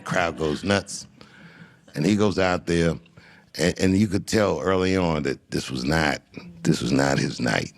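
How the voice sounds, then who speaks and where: Male comedian, deep and gravelly, reflective interview storyteller who circles back and restarts. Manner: unhurried, musing, with frequent restarts. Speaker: comedian guest.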